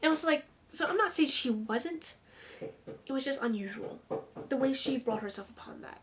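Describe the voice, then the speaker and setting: A woman's voice: sits high, lively intonation, noisy background. A young woman telling a personal story to the camera at home, chatty, with restarts and asides. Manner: chatty, restarts often, quick asides to the viewer. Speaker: vlogger. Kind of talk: casual storytime. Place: room in her home.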